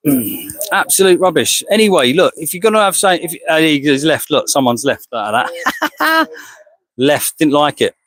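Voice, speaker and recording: A man's voice: fairly high pitch, sing-song, normal speed, a bit bright, no echo, poor audio. An English man speaking outdoors as an animal rights activist, combative and rhetorical, firing questions and calling people "mate". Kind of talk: heated confrontational monologue. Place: outdoors outside a slaughterhouse.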